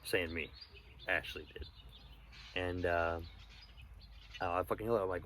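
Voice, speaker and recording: A young man telling a personal story in a rambling, profane, halting way, with lots of fillers, outdoors. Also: low-pitched, steady tone, pushed and bright, a little hiss or hum. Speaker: vlogger. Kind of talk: casual storytelling monologue.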